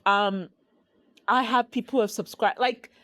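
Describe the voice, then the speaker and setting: A woman from Ghana hosting her own podcast, talking in a slow, heartfelt, reflective way. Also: mid-range voice, fairly even intonation, a bit bright, dry recording. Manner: slow, heartfelt, with sighs and laughs. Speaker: podcast host. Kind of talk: reflective solo podcast talk.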